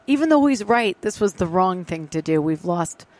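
A woman's voice: fairly low pitch, animated, normal speed, darkish tone, no room sound. A woman who was a sportscaster, chatting as a guest on a sports podcast and often laughing at herself. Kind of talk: casual sports talk.

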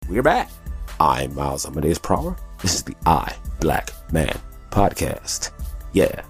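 A man's voice: extremely low pitch, huge pitch swings, measured pace, soft background music. A man hosting his own podcast, telling stories in a loose, profane, chatty way and often asking "you know what I'm saying". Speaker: podcast host. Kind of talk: casual storytelling monologue.

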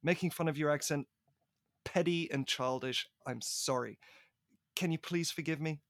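Man, co-host, gravelly voice, bright tone, playful, laughs often. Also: fairly high pitch, normal speed, no echo, studio quality. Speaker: podcast co-host. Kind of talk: casual movie review chat.

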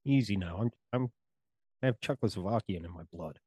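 A man in a casual podcast chat, asking quick questions and throwing in reactions. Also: lowish voice, animated, warm tone, slightly rough, dry recording.

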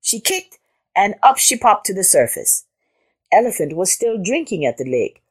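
A woman hosting a children's story channel, reading a storybook aloud with expressive sound words. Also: medium pitch, moderate pace, breathy edge. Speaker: storyteller host.

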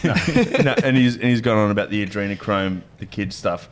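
Worked-up Australian bloke in a pub, swears freely, faint hiss behind. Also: male voice, fairly low pitch, a little fast. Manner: heated, swearing storyteller. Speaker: podcast guest. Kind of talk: casual pub chat.

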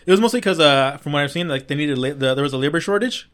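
A young man in casual podcast chat, excited and swearing freely. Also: on the high side, quick pace. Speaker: podcast co-host.

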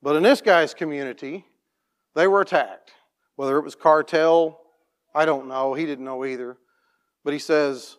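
A plain-spoken man tells a church testimony story as a farm operator, restarting his sentences and clearing his throat often. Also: a little high, moderate pace, long pauses.

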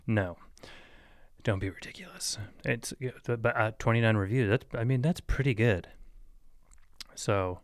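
A man rambles through a solo podcast of his own in a low, smooth voice, recorded close and dry with no room sound. He speaks slowly with frequent pauses, drifting between thoughts, using many "like"s and "uh"s, and chuckling at his own jokes and mock-serious asides.

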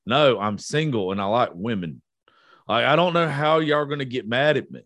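A man's voice: mid-range voice, moderate pace, a bit bright, no echo. A man in his thirties in a casual podcast chat, blunt and profane, getting worked up as he talks. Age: 30s.

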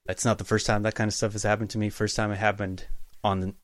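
A man speaking as a guest in a casual interview, telling work stories in a relaxed, easygoing way. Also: lowish voice, quick pace, no echo, clean studio sound. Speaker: guest, utility locator.

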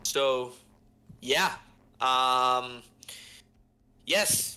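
A man hosting a podcast, telling stories in an animated, chatty way and often checking in with "right?". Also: medium pitch, drawn-out words. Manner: animated, keeps asking "right?". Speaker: podcast host. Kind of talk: casual storytelling chat.

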